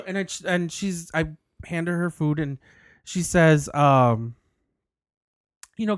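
A man's voice: fairly high pitch, slow pace, pauses often, no echo, clean studio sound. A man co-hosting a podcast, telling a rambling story with lots of laughs and restarts. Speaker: podcast co-host. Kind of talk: casual chat. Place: indoor recording studio.

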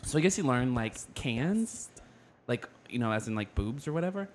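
A man on a casual podcast, telling stories in an animated way and laughing often. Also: mid-range voice, normal speed, slight background noise. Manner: animated storyteller, laughs often, imitates a date's speech. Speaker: co-host. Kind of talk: casual podcast chat, storytelling.

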